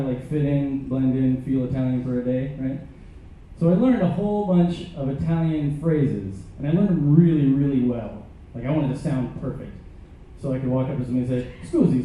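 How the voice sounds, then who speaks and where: A man's voice: a little high, a little hiss or hum. A man performing stand-up comedy on stage, telling absurd jokes with hesitant fillers, caught by a camera far from the stage. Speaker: comedian and musician. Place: large ship theater. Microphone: stage mic heard from a distant camera. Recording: echoey, distant, tinny audience recording.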